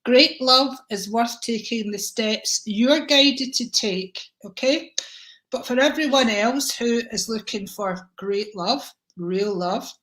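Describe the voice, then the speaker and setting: A woman hosting a live-stream card reading, chatty and warm with viewers, calling them darling, with a tickle in her throat. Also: a little high, takes it slowly, poor audio. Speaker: psychic reader and livestream host.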